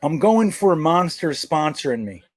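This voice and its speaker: A man's voice: on the high side, sing-song, a little slow, darkish tone, no echo. A man hosting a casual live stream, rambling and joking with plenty of swearing. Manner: rambling, profane, jokey. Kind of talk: casual live-stream chat about football.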